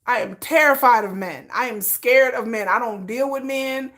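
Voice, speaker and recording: A woman chatting on her livestream with a bright, forceful voice pitched a little high. She talks in a dramatic, animated way, leaping up to exclamations and dropping down to low mutters. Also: normal speed. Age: adult parent. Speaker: YouTube channel host. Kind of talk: casual livestream chat.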